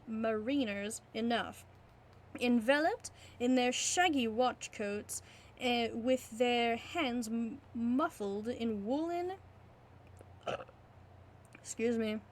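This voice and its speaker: High-pitched woman, amateur reader, slow and giggly, trips on long words, hobby audiobook. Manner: giggly, stumbling over hard words. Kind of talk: casual audiobook reading.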